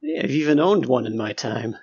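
A man playing in a tabletop game, speaking in character in an earnest, slightly halting way. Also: mid-range voice, lively intonation, darkish tone, slightly rough, dull audio. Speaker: player. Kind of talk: in-character tabletop role-play.

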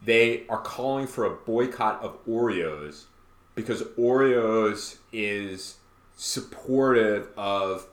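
Excitable laughing man in an echoey room. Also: slow. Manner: excitable, laughs often, pitch jumps way up when telling stories. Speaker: podcast co-host. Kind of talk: casual chat. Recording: roomy echo.

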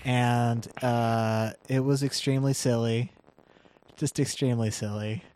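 A man's voice: mid-range voice, fairly even intonation, a little slow, darkish tone, slight background noise. A man co-hosting a podcast, chatting casually with many fillers while recapping a TV episode. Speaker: podcast co-host.

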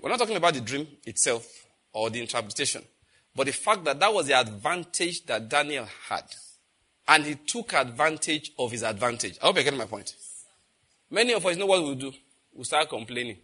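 A man's voice: on the high side, lively intonation, brisk, pushed and bright, breathy edge. A man with a Nigerian accent preaching a sermon, telling stories and asking his listeners questions. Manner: storytelling, asks the audience questions.

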